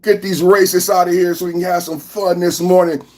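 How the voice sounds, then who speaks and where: A man hosting a live-stream political podcast, ranting loudly with lots of repetition and sing-song chanting at his chat. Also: sits high, flat delivery, brisk. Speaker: podcast host.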